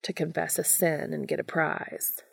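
A woman voicing a calm, formal male creature who speaks softly to his lover, often close to a whisper. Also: sits low, measured pace, creaky, breathy edge, no room sound, heavily acted. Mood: hushed, tender. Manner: soft, formal, murmuring near a whisper.

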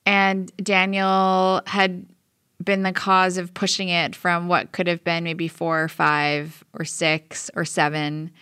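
A woman's voice: lowish voice, level tone, slow, pushed and bright, clear, resonant tone, dry recording, clean studio sound. A woman interviewer who recaps what she has heard and then asks probing follow-up questions. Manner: probing, recaps before asking.

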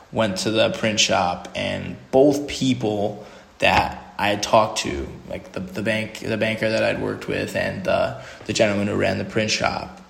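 Gravelly young man giving a motivational talk. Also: on the low side, a bit bright. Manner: rambling, motivational, filler-heavy with lots of "like". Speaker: podcast host. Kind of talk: casual solo podcast monologue.

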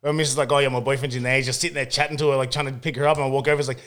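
A man's voice: fairly high pitch, steady tone, very fast, few pauses. A young Australian man telling a story in casual chat, swearing, laughing and saying "bro" after every phrase.

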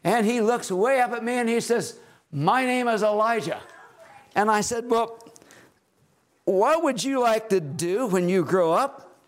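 A middle-aged man preaching a sermon at a family retreat, rising to loud exhortation and dropping to hushed, low phrases. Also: a little slow.

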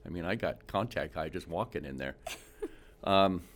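Deep-voiced home inspector guy telling wild job stories, lots of restarts, bit of hiss. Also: normal speed. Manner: animated storyteller, acts out quotes, frequent restarts. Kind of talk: casual storytelling interview.

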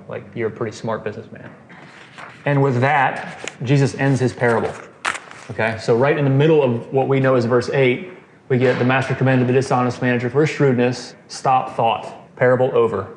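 A man leading a Bible study in a casual, conversational way, quizzing his group and checking in with "okay" and "right.". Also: medium pitch. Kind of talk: conversational scripture teaching. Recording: roomy echo, faint noise.

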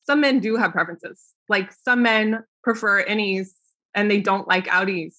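Bright-voiced chatty young woman. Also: medium pitch, moderate pace. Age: young adult. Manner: chatty, laughs often, acts out quoted people. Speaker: podcast guest. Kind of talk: casual interview talk.

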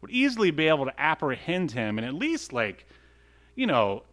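Podcast guy thinking out loud, lots of likes and uhs, voice goes up and down a lot. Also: a little high, huge pitch swings, a little fast. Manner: musing, thinks aloud with many fillers. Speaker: podcast co-host. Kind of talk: casual chat about a cartoon.

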